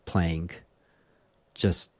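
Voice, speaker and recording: A man's voice: extremely slow, no room sound. A man co-hosting a podcast, chatting casually and playfully with jokes and restarts. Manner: playful, jokey, trails off and restarts. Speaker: podcast co-host. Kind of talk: casual chat.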